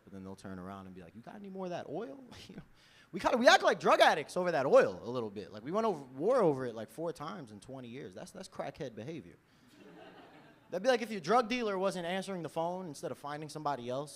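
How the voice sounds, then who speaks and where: Lively young New man doing stand-up. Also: medium pitch. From New York. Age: 20s. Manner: lively, loose delivery, laughs at own jokes, frequent "you know?". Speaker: stand-up comedian. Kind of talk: stand-up set. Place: comedy club stage.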